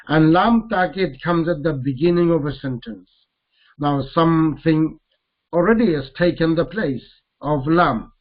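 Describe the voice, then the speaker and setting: A man teaching a grammar lesson, repeating each Arabic term slowly as he mixes it into English explanations. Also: on the high side, muffled recording.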